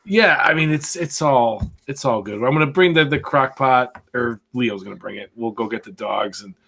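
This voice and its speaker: A man co-hosting an arcade-collecting podcast, chatting casually in a rambling, animated way and swearing freely. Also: medium pitch, moderate pace, vocal fry. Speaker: podcast co-host. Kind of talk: casual chat.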